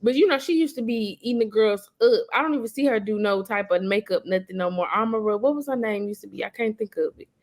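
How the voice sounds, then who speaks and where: A woman's voice: medium pitch, fast, hardly any pauses. A woman from Boston co-hosting a podcast, talking in blunt, slangy casual chat. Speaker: podcast co-host.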